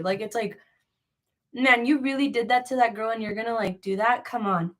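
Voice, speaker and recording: Chatty rambling young woman, higher voice. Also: a little fast. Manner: rambling, filler-heavy, with many likes; gossipy and frank. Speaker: crochet seller hosting a live sale. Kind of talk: casual live-stream chat.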